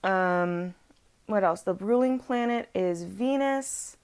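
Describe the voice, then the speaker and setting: A woman's voice: mid-range voice, takes it slowly, a little mellow, clean tone. A woman reading tarot in a chatty, rambling way, full of fillers and self-corrections, at home with her dog on her lap. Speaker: tarot reader. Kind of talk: casual chat.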